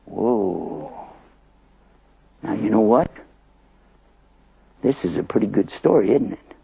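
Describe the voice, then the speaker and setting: A man's voice: on the low side, expressive, slow pace, vocal fry, long pauses, dark tone, slight background noise. A man narrating a prophet story in a chatty, playful, dramatic way. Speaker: Islamic storyteller.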